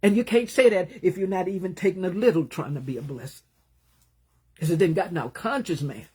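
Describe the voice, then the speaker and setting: A woman preaching a sermon, talking with passion and emphasis, rising into loud bursts and then dropping to hushed, low asides. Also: brisk, breathy edge.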